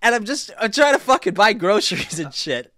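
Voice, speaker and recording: A man chatting casually as a podcast guest, rambling with many restarts and fillers, and getting animated when he retells a story. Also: high-pitched, a little fast, no room sound, clean studio sound. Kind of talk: casual chat.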